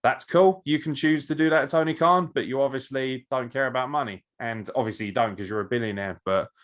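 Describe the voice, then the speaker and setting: A man's voice: mid-range voice, a little fast, fairly bright tone. A man co-hosting a casual podcast, talking in a blunt, profane and opinionated way. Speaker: podcast co-host.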